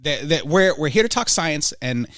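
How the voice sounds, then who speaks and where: A fussy, indignant pundit trips over his words as he lectures, a man putting him on for a comedy podcast. The voice is pitched high and swings up and down, and it sits close and dry with no room echo. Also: expressive, moderate pace, a bit bright. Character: man impersonating a combative conservative pundit.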